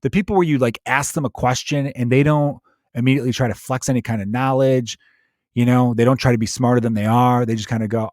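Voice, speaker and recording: Profane ranting comedian, dry close mic. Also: male voice, mid-range voice, fast, no echo. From Chicago, USA. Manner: profane, animated ranting with mocking put-on voices. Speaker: comedian podcast host. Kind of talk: solo comedic rant.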